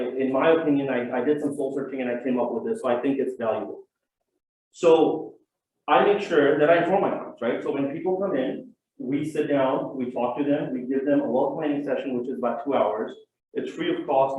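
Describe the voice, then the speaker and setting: A man's voice: medium pitch, darkish tone, a little hiss or hum. A man who works as an estate planning attorney, giving a conversational seminar talk and often checking in with "right?". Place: community event hall. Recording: very echoey room, far from mic, dull sound.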